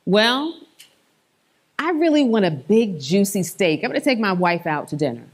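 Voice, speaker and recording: A man's voice: sits high, very animated, moderate pace, voice pushed down. A woman playing a plainspoken, hesitant middle-aged man who is a denture patient. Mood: eager.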